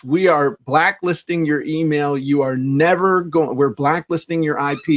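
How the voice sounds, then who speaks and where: A middle-aged man chats on a podcast with a slightly raised pitch. He tells stories with energy and acts out the people he quotes. It is a relaxed, conversational delivery. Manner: animated storyteller acting out quotes. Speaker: podcast co-host. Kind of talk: casual podcast chat.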